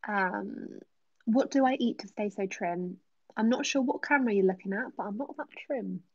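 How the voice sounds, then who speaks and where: Soft-spoken woman, chatty and whispery. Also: medium pitch, normal speed, slightly rough, no echo, muffled recording. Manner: chatty, many ums, drifts into whispers. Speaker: ASMR creator answering live chat. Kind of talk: casual live stream Q&A, soft-spoken with whispers.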